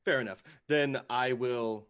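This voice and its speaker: A man playing in a casual tabletop game, eager and quick to laugh at himself. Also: medium pitch, fairly bright tone, clean tone. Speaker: player.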